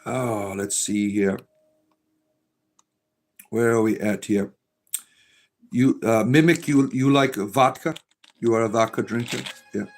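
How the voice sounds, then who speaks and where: A middle-aged man hosting a casual livestream, reading viewer comments aloud and rambling with many fillers. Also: medium pitch. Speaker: livestream host reading chat.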